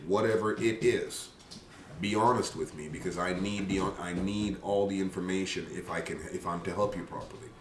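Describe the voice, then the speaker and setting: Low-voiced earnest father, roomy distant sound. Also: steady tone. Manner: earnest, halting with many restarts. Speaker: father in a large family. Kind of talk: casual talk show conversation. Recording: roomy and distant with faint noise.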